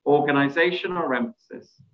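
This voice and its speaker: Higher-voiced man leading an online workshop. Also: brisk. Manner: quizzing participants and praising answers. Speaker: presentation skills trainer. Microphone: video call microphone. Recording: echoey, dull video call audio.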